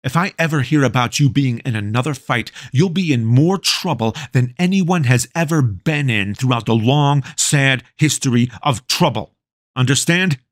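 A man's voice: mid-range voice, animated, normal speed, dry recording, studio quality, pitched above the performer's own voice, natural voice. A man voicing a strict school principal in an audiobook, clipped and lecturing. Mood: stern. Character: stern male school principal, strict and weary. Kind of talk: audiobook character voice.

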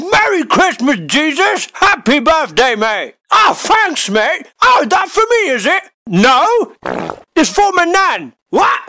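A man doing a crude, laddish Jesus, ranting in a very high, bright voice that swoops up and down. He shouts often and drags his words out slowly, with faint music behind him. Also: exaggerated voice. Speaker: comedy YouTuber. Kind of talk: comedic rant sketch.

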